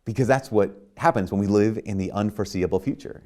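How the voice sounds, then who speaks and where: A man's voice: on the low side, fast talker, a little mellow. A man, a priest, giving a sermon in a conversational way, full of restarts and "like", at times rising to emphatic bursts.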